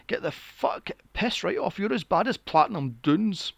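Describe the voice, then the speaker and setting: A podcast host with a fairly high, gravelly voice rants about films, swearing freely and sounding exasperated. His pitch jumps around a lot, and the recording is dry and close. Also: moderate pace, no echo. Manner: profane, exasperated, animated. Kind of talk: casual film review rant.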